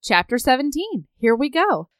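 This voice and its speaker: A woman co-hosting a podcast, chatting casually about a book and reading quotes aloud with animated voices. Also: high-pitched, moderate pace, no room sound. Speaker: podcast co-host. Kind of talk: casual book-club chat.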